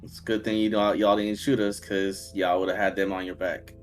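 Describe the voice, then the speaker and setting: A man playing a tabletop game, speaking bluntly and gruffly in character. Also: on the low side, flat delivery, moderate pace. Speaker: player. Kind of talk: in-character tabletop role-play.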